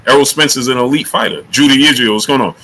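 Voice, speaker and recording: Talking fast in a mid-range voice, this boxing stream host hails chat viewers by name and hammers them emphatically with the same repeated question. Slight background noise accompanies a low-quality recording.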